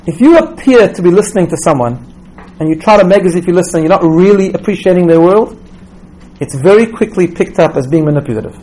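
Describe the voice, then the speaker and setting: High-voiced man teaching through stories. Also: animated, quick pace, dark tone, poor audio. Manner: storytelling, tags points with "right?"; repeats words as he restarts.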